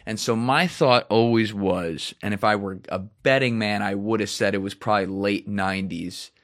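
A man's voice: lowish voice, normal speed. A man hosting a podcast, talking casually and swearing freely, acting out quoted voices as he tells a story. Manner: animated, profane storytelling with mimicked voices. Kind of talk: casual chat.

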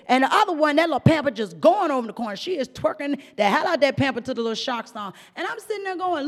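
Animated, profane woman ranting. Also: high-pitched, fast, few pauses, in a large hall. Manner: animated, profane, mimics voices with laughs. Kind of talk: ranting commentary monologue.

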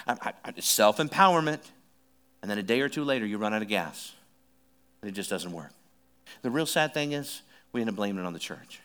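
Bright-voiced middle-aged male pastor. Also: medium pitch, lively intonation, normal speed. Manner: conversational, joking, repeats phrases for emphasis. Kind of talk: sermon.

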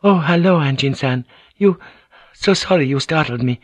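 A male reader voicing a poised, courteous samurai noblewoman who speaks softly and formally. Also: a little high, moderate pace, dry recording, pitched above the performer's own voice, lightly acted. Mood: polite. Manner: soft, formal and deferential.

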